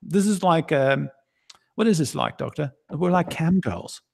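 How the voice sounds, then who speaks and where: A man chats loosely on a stream, talking in a fairly high voice with a gravelly edge of vocal fry. He rambles, jokes and teases his co-host. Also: animated, measured pace. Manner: jokey, rambling, teasing co-host. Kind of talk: casual banter on a livestream.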